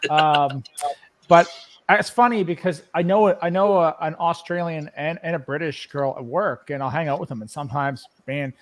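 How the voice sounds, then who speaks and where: A man's voice: on the high side, moderate pace, slight background noise. A man with an East Coast Canadian accent chatting casually on a livestream, rambling and laughing often. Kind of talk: casual chat.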